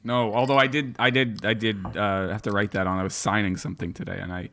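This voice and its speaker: A man's voice: lowish voice, steady tone, fast talker, fairly bright tone. A man co-hosting a podcast in casual chat, playful and rambling with lots of restarts, on a table microphone. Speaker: podcast co-host.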